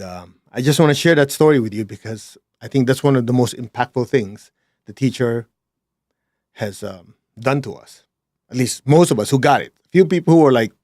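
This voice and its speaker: Guy telling a heartfelt story, goes hushed then punchy, blunt asides, dry close sound. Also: medium pitch, no room sound. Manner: animated, swings between hushed and emphatic; plain-spoken, with blunt asides. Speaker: speaker sharing a personal story. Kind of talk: reflective personal storytelling.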